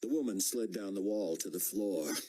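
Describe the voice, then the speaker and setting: A man narrating an audiobook in a measured storytelling manner. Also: fairly low pitch, warm tone, slightly rough, poor audio. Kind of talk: scripted narration.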